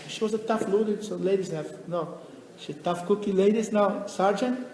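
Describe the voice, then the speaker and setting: Man, rabbi, storytelling lecture, animated, high voice, echoey hall. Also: normal speed. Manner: animated, acts out the people in his stories, non-native phrasing. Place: lecture venue. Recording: echoey hall, faint noise.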